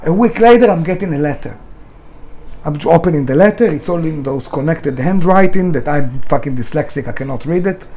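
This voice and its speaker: A middle-aged restaurant founder in an interview, telling candid stories in a blunt, emotional way and swearing freely. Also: male voice, on the high side, expressive, brisk, mellow.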